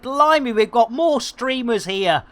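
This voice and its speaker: Man, game streamer, jokey rambling banter, cheery shout-outs. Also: very high-pitched, unhurried. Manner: chatty, jokey, rambling, full of British slang; gives lively shout-outs to viewers. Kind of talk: live-stream game commentary.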